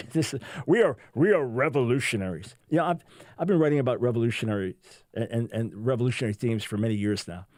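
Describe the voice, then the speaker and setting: A man's voice: medium pitch, expressive, quick pace, a little mellow, no room sound. A man hosting a talk radio show, delivering a sarcastic, mocking monologue in a studio. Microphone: studio microphone.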